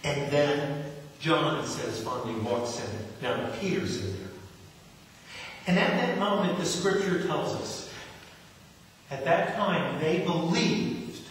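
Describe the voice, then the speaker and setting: A man's voice: high voice, a little hiss or hum. A man from New Jersey preaching a sermon as pastor, talking conversationally and acting out quotes. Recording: echoey hall, distant mic.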